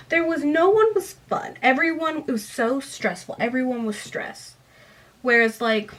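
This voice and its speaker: A woman's voice: fairly high pitch, fairly bright tone. A woman giving a casual, rambling book review, full of sighs and "like" fillers.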